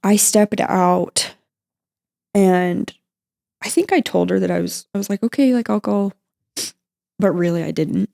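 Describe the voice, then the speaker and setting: A young woman guest on a podcast, recounting her mother's hospital visit in a halting, emotional way, with many fillers and restarts. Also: mid-range voice, vocal fry, mellow. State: emotional, near tears at times. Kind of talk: emotional personal storytelling.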